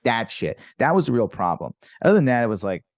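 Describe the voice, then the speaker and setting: A man's voice: medium pitch, quick pace, dry recording. A man from Virginia, a comedian guest, telling stories in casual chat and acting out the people in them. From Virginia, USA. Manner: animated, acts out quoted exchanges.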